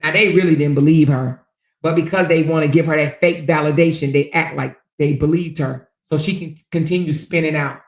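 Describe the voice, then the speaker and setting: A woman's voice: sits low, steady tone, brisk. A woman hosting a gossip commentary livestream, talking in a brash, profane, mocking way. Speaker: livestream host. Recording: roomy echo.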